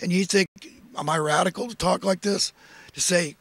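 A man's voice: sits high, steady tone, normal speed, vocal fry, a bit bright, no room sound. A man delivering a preachy, impassioned monologue of social commentary, full of emphatic rhetorical questions. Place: in California.

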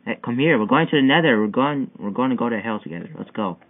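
A young man giving excitable, frustrated commentary while playing a parkour game, yelping at each failed jump. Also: mid-range voice, quick pace. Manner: excitable, yelping and whining at failures. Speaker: gamer. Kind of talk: gameplay commentary. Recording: tinny phone-like mic with faint hiss.

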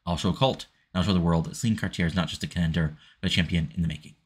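A determined young female wrestler pleads earnestly for one more chance, read out plainly by a man. The voice stays low and husky, earnest rather than acted. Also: steady tone, racing.

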